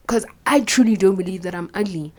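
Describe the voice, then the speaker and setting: A young woman, telling a candid personal story with plenty of swearing and quiet whispered asides. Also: mid-range voice, a little fast. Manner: blunt and profane, drops into whispered asides. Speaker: vlogger.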